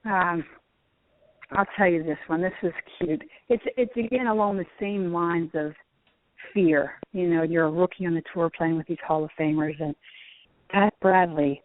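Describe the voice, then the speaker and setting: A middle-aged woman, a former tour golfer who now teaches, telling stories in a lively way with frequent laughs. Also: on the low side, normal speed, no room sound. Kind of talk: phone interview storytelling. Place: outdoors at a driving range. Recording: tinny phone line, dry.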